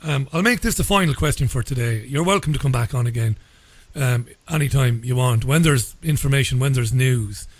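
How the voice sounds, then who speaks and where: A man hosting a radio interview, speaking in a measured way and often repeating his first words. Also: mid-range voice, dry recording. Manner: measured, repeats words when starting a sentence. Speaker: radio show host.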